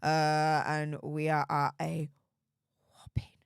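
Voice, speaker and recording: A young English woman hosting a live stream, rambling in a chatty, excitable way with plenty of fillers and mild cursing. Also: low voice, slow pace, vocal fry, clean tone, dry recording, clean studio sound. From Yorkshire, England. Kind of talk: casual live stream chat.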